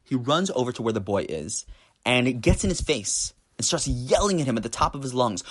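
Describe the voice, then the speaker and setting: A man's voice: mid-range voice, sing-song, brisk, breathy edge. A man giving an inspirational talk with a story, speaking with emphasis and rising force on key points. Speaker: teacher.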